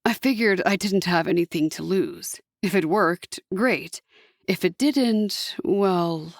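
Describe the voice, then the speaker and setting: A woman voicing a mischievous, earnest young male angel in an audiobook, dropping her voice lower and coaxing. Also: takes it slowly, no room sound, clean studio sound.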